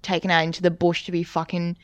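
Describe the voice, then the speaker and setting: Smooth-voiced young woman telling a story. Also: lowish voice, completely flat delivery, fast, no room sound. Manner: rambling, heavy filler words and swearing. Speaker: podcast co-host. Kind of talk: casual storytelling chat.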